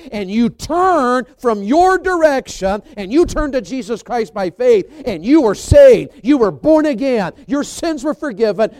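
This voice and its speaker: High-voiced man preaching a fiery sermon. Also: no echo. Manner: emphatic preaching that swings from loud to quiet. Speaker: evangelist preacher. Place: church service.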